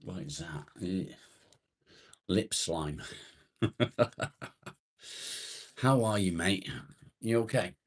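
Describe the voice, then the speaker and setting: A low-pitched man hosts a casual livestream, reading viewer comments, greeting people by name, and joking with them. He speaks extremely slowly, leaving long pauses.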